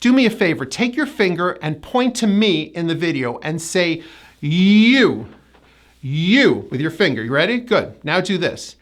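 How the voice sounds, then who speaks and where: A woman's voice: fairly low pitch, sing-song. A woman with an American accent teaching pronunciation, drawing out each sound and repeating words carefully. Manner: slow, exaggerated enunciation with drilled repetitions. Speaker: pronunciation coach. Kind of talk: pronunciation lesson.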